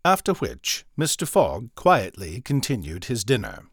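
A man narrating a storybook reading in a lively, varied way. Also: medium pitch, measured pace, husky, dry recording, studio quality.

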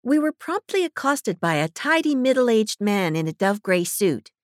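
A woman narrating a story in the first person with a wry, animated delivery. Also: fairly high pitch, moderate pace, no echo, clean studio sound. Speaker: audiobook narrator.

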